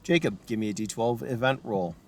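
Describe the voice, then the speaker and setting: A man's voice: mid-range voice, a little fast. A man running a tabletop game as game master, casual and profane, laughing often.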